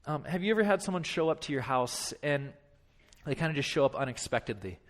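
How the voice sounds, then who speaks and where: A man's voice: on the high side, animated, fairly quick. A pastor in his thirties preaching a sermon, with impassioned, repetitive phrasing and acted-out dialogue.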